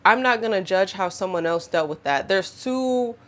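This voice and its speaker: A young woman talks straight to her audience in a loose, casual monologue, sitting right in the middle of the usual range for her pitch. She is expressive, often acting out the voices of people in her story. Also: moderate pace. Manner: expressive, animated, acts out quotes. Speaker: podcast host.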